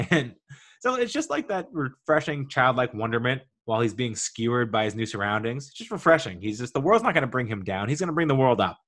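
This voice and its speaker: A man's voice: medium pitch, a bit bright. Enthusiastic man in his 40s riffing through a casual review; loose, rambling, mid-range voice. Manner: rambling, enthusiastic, many "like" fillers. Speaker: podcaster reviewing a TV show.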